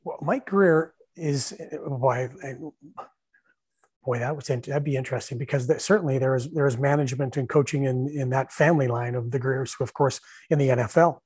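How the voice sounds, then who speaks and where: A middle-aged man and former hockey coach telling stories in casual chat, animated, laughing often and acting out what people said. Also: medium pitch, a little fast, husky, no echo. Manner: animated storyteller, laughs often, acts out shouted bench calls.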